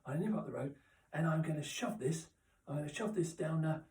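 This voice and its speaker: A man rambles through a deadpan comic monologue, stumbling and circling back as he goes. His voice sits slightly high and comes from a little way off the mic, with a roomy echo around it. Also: recorded from a distance. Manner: rambling, halting, full of restarts and asides. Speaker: comic character host. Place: chilly indoor room.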